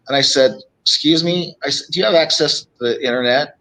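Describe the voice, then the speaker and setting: A man's voice: mid-range voice, fairly even intonation, normal speed, few pauses, bright, forceful tone, poor audio. A middle-aged man, a real estate coach, telling stories on a live show and acting out phone calls as he goes. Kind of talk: live show guest storytelling.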